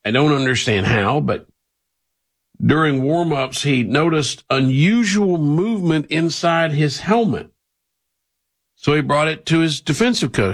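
A man presents a news item in a dry, unhurried way, adding his own asides. His voice sits slightly high and moves at a relaxed pace.

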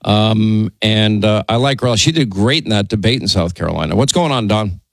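A man hosting a call-in radio show, chatty, tired after a long week, stumbling into quick restarts. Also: lowish voice, creaky, dry recording. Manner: rapid, stammering restarts, chatty. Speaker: radio talk show host. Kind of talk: casual call-in chat.

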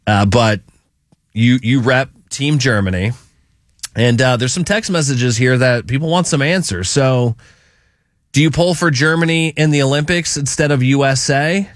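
A man's voice: medium pitch, normal speed, no room sound, studio quality. A man with a Midwestern accent hosting a casual sports talk radio show, rambling a little with plenty of fillers. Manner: relaxed, rambling, frequent fillers. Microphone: studio mic.

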